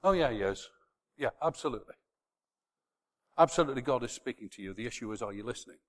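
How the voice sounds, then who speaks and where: A man preaching a sermon to a congregation, swinging from quiet, close talk to loud shouted emphasis. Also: medium pitch, lively intonation, fast, in a large hall.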